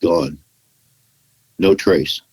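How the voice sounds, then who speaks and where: A man with a low-pitched voice tells a personal story as a podcast guest. He lets his voice swing as he acts out what others said and restarts his sentences often. It sounds like easy, unscripted conversation. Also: drawn-out words, darkish tone, breathy edge, rough recording. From California, United States. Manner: acts out quoted dialogue in his retelling; frequent restarts and "you know" fillers.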